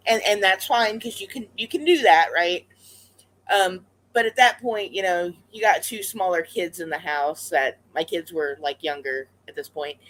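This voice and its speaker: A pet vlogger chats through a story at a mid-range pitch, circling back with fillers like "um" and "you know" and restarting sentences as thoughts catch up. The tone is conversational and unscripted, spoken straight to the camera. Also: fairly bright tone, rough recording. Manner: rambling, with many fillers and restarts; chatty and conversational.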